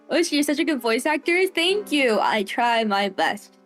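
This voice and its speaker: A young woman streamer chatting casually with viewers, full of giggles and slang. Her voice sits high and moves a lot, with faint background music. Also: sing-song, measured pace. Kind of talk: casual gaming stream chat.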